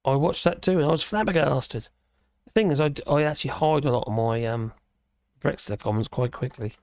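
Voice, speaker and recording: A man's voice: medium pitch, a little fast, darkish tone, dry recording. A man hosting a casual live stream, chatting in a rambling way and reacting to viewers' comments with chuckles. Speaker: livestream host.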